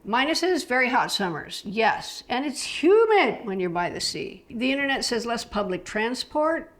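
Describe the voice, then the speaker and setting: A woman's voice: on the high side, big pitch swings, unhurried, fairly bright tone. A middle-aged woman from the United States chatting casually about travel, enthusiastic and loose, with frequent fillers. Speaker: travel vlogger.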